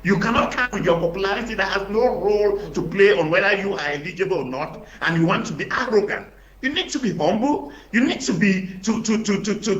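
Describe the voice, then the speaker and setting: A man with a Cameroonian English accent arguing as a panelist in a studio debate, emphatic and halting, repeating words and filling pauses. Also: high-pitched, lively intonation, fairly bright tone, reverberant, dull audio. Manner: emphatic, repeats words while searching, many fillers. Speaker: opposition party panelist.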